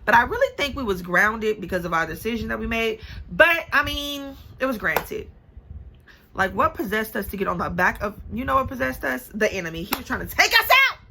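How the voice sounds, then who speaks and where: A young woman telling a story to her camera in a casual storytime vlog, animated and sassy, calling the listener baby and honey. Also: on the high side, fairly quick, vocal fry, background noise. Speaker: vlogger.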